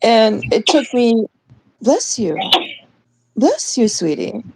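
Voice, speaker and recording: A woman's voice: fairly high pitch, big pitch swings, slow, gravelly, very noisy. A young adult woman from Canada, co-hosting a podcast, telling a story in casual chat, acting out the voices she quotes and swearing freely. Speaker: podcast co-host.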